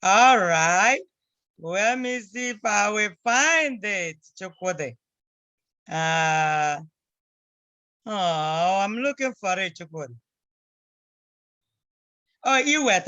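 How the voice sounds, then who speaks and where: A woman's voice: medium pitch, expressive, slow pace, pauses often, pushed and bright, dull audio. A woman teaching a language class over a video call, patiently repeating phrases for her students to copy. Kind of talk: online class instruction.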